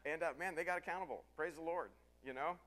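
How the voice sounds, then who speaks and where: A man preaching as a pastor, telling a story with lively swings from quiet asides to yelling. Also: on the high side, fast talker. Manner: storytelling, animated, breaks into yelling and laughter. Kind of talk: sermon.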